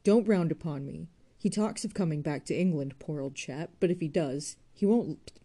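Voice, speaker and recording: A woman reading aloud voices a blunt, careless young woman who speaks briskly and forcefully. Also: deep voice. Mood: confiding.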